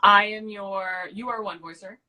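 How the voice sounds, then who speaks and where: Bright young woman asking questions. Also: mid-range voice, steady tone, moderate pace, rough recording. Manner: friendly prompting, asks questions. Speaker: voice coach co-host. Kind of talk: casual interview questions.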